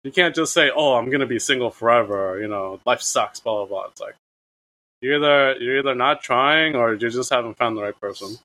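A man in casual podcast chat, giving blunt advice and reacting with loud exclamations. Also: medium pitch, moderate pace.

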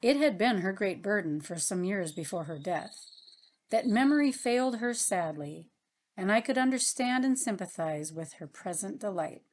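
A woman reading a story aloud as narrator, in a gentle, earnest manner. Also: medium pitch, lively intonation, normal speed. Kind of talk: audiobook narration.

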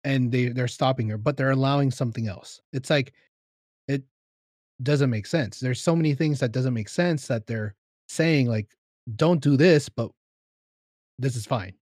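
A man's voice: mid-range voice, normal speed, darkish tone, dry recording, studio quality. A man from California in casual chat over a video call, repeating himself and restarting often as he agrees.

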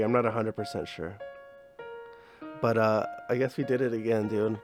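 A man's voice: on the low side, steady tone, normal speed, music in the background. A young man hosting a podcast, chatting in a casual, rambling way, full of slang, swearing and fillers. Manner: profane, slangy, filler-heavy. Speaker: podcast host. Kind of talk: casual rambling comedy chat.

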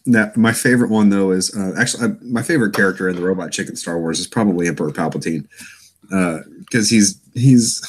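Husky man laughing through casual banter. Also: low voice, fast. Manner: laughs often, playful, acts out silly quotes. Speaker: podcast co-host. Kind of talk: casual chat.

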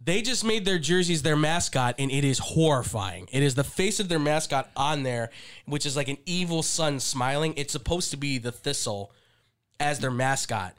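A man co-hosting a sports podcast, chatty and animated, sharing trivia and laughing often. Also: on the high side, normal speed. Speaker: podcast co-host. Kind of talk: casual sports talk.

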